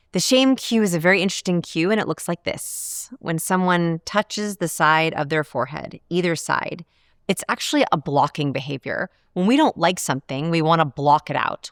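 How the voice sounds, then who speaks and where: Measured woman researcher explaining calmly. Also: low-pitched, dry recording, studio quality. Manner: clear, measured explainer who slows down to stress key points. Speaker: behavioral researcher. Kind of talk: instructional talk to camera. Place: studio.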